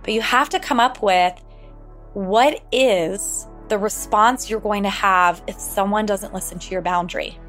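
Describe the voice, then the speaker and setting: A woman hosting a relationship advice podcast, answering a listener question in a calm, explanatory way, speaking straight to the listener. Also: mid-range voice, unhurried, soft background music. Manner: calm, explanatory, direct address.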